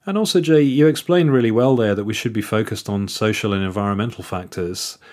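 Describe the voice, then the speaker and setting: A man hosting an interview, asking measured questions that sum up what the guest said. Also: fairly low pitch, darkish tone. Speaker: host.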